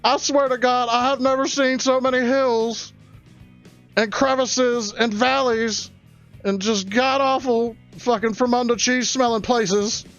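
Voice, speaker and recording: A man telling a crude comic story, excitable and prone to loud rising outbursts. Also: very high voice, unhurried, lo-fi sound, soft background music. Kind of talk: stand-up storytelling.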